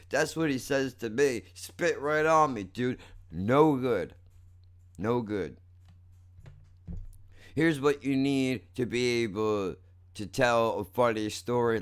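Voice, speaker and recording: Profane, animated young man ranting. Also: medium pitch, slow pace, clear, resonant tone. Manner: profane, animated, self-mocking. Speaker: comedian vlogger. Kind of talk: unscripted comedic rant. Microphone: close desk mic.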